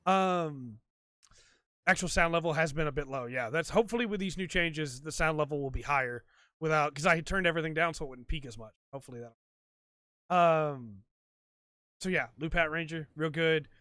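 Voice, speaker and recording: A man's voice: on the high side, fairly quick, sharp tone, clean tone, no echo, clean studio sound. A man hosting a podcast, chatting casually and rambling with lots of ums and likes. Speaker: podcast host. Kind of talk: casual solo chat. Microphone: desk mic for a stream.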